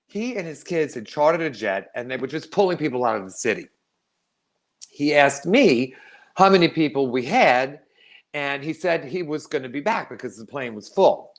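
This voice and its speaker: A middle-aged man performing a wry, animated storytelling monologue, laughing often. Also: a little high, moderate pace.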